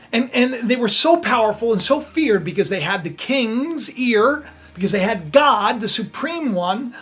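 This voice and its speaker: A man retelling a Bible story in a casual, animated sermon, chatty and often laughing. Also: extremely high pitch, slightly rough. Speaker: preacher, storyteller.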